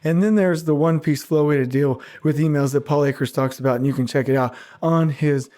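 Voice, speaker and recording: A middle-aged man hosting a podcast alone, talking casually and teasing his listeners with quick asides. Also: fairly high pitch, steady tone, dark tone. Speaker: podcast host. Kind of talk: casual solo podcast monologue.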